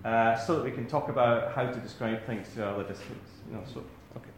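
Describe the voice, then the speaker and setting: A man's voice: medium pitch, quick pace, echoey room, noisy background. A man with a Scottish accent giving a talk to a live audience in a rambling, self-deprecating way, full of restarts. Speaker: academic speaker.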